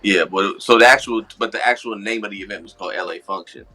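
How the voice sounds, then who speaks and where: Low, bright-voiced LA man rambling. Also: fast talker. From Los Angeles. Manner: relaxed, rambling with many restarts and "I said". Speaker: podcast co-host. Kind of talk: casual storytelling chat.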